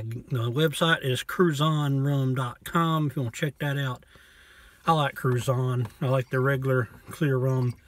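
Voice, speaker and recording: A man casually reviewing a bottle of rum from inside his parked truck, talking in a folksy, low-key way and cussing now and then. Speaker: vlogger reviewing liquor.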